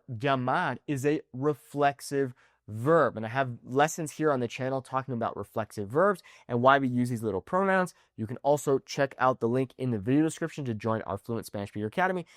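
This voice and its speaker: A man teaching an online language lesson, animated and often checking in with "okay?". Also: mid-range voice, dry recording, studio quality. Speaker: Spanish teacher.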